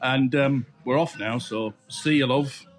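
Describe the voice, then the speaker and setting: A man's voice: medium pitch, a little slow, faint music behind, pitched below the performer's own voice, lightly acted. A man putting on a broad northern English accent as a blunt, folksy bloke for a podcast bit. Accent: put-on northern English.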